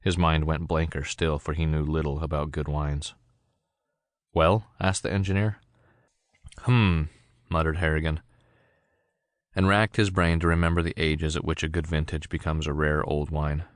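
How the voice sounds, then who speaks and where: A male narrator reads a novel aloud in steady scripted narration. His voice sits extremely low. The sound is dry and close, with no room in it. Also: moderate pace, no room sound. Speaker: audiobook narrator.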